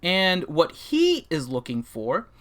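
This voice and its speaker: A man hosts a laid-back gaming livestream, with a rather high, bright and forceful voice. He jokes around and rambles, filling gaps with ums and uhs as he talks over a voice call. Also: huge pitch swings, slow. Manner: joking, rambling, with many fillers. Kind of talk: casual livestream chat and game roster review.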